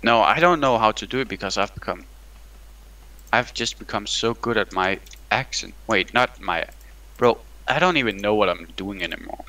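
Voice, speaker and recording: A young Danish man with a bright, forceful voice on the lower side of the pitch range chats with a friend over a game. He speaks at a moderate pace in loose, rambling bursts, swearing, joking, laughing and restarting often. The recording is rough.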